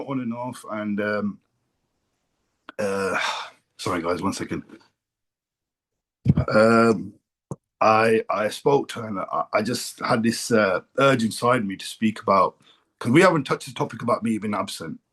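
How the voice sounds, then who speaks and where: A man's voice: mid-range voice, fairly bright tone. A middle-aged man from England giving a blunt, emotional personal share at a recovery meeting, swearing freely. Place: meeting room.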